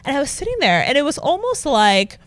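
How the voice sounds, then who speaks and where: A young adult woman, a news anchor, chatting as a guest and telling animated stories with frequent laughter. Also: sits high, a little fast, no echo. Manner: animated storyteller, laughs often. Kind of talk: casual interview chat.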